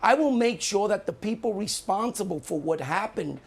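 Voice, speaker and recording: An indignant man defends himself in a live studio debate. His voice has a gravelly, creaky edge and he leans hard on his points, repeating them for weight. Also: sits high, expressive, normal speed. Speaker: mayoral candidate.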